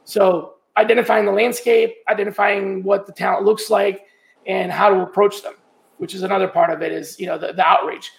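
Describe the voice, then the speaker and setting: A man's voice: sits high, little pitch movement, fairly quick, vocal fry, a little hiss or hum. A man speaking as a podcast guest, explaining his working methods step by step in a casual, conversational way with frequent restarts. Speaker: guest, sourcing trainer.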